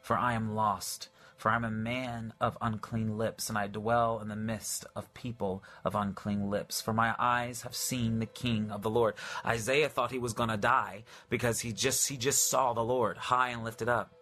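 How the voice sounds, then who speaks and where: A man preaching a live-streamed sermon, reading scripture aloud in a fervent, drawn-out way and often repeating his phrases. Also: on the low side, flat delivery, pushed and bright, faint music behind.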